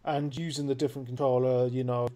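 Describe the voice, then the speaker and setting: A man telling stories in casual podcast chat, lively and loose, with slang and the odd swear. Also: mid-range voice, quick pace. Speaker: podcast co-host.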